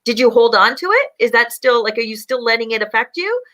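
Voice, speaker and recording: A woman's voice: fairly high pitch, very animated, fast talker, fairly bright tone. A woman co-hosting a live discussion, talking things through thoughtfully.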